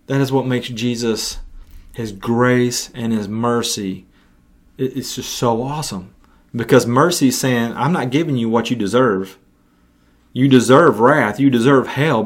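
Earnest male preacher, conversational sermon delivery with frequent restarts. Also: mid-range voice.

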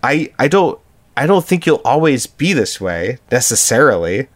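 A man's voice: medium pitch, very animated, moderate pace, no room sound. A man co-hosting a podcast, talking through song lyrics in an earnest, thoughtful way, laughing often and saying "like" a lot. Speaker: podcast co-host. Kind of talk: casual chat about song lyrics.

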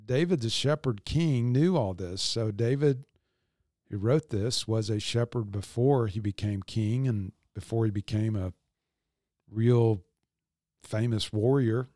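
A man hosting a devotional podcast, teaching in a calm, reflective way. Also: lowish voice, measured pace, dry recording, clean studio sound.

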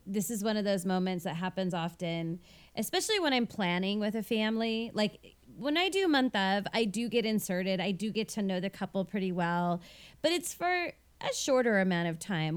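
A woman's voice: medium pitch, normal speed, clean tone. A woman who works as a wedding planner, chatting casually and telling a story with animation. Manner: animated storyteller who acts out the people she quotes. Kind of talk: casual podcast chat.

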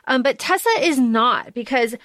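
A woman's voice: on the high side, normal speed, fairly bright tone, no room sound. A woman co-hosting a podcast, chatting casually about a book, swearing freely and using lots of fillers. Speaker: podcast co-host.

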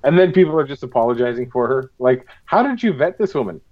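A man of middle pitch chats loosely on a podcast, swearing casually and telling stories with animation. His recording sounds a bit dull and lo-fi. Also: sing-song, fast. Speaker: podcast co-host. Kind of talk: casual chat.

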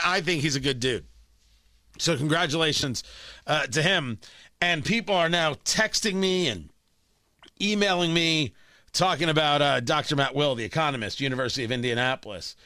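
A man's voice: medium pitch, sharp tone, no room sound, studio quality. A man hosting a talk radio show, rambling in a monologue full of stammered restarts and sarcastic asides.

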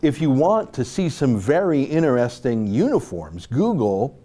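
North american guy hosting a show, rambly and sarcastic, mellow low-key voice. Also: very animated, measured pace. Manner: rambling, sarcastic, many asides. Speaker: online show host. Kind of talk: casual commentary.

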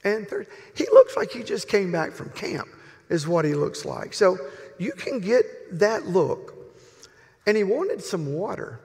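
Gravelly older man preaching with jokes. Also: sits high, very animated, a little mellow. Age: 60s. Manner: folksy, joking, drawn-out pauses. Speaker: pastor. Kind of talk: humorous storytelling sermon. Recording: reverberant hall.

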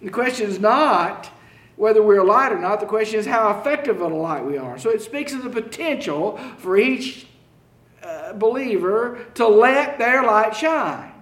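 A man preaching a sermon, slow and halting, often repeating key phrases for emphasis. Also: high-pitched, expressive, fairly bright tone, roomy sound. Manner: slow, halting delivery with frequent fillers and restarts.

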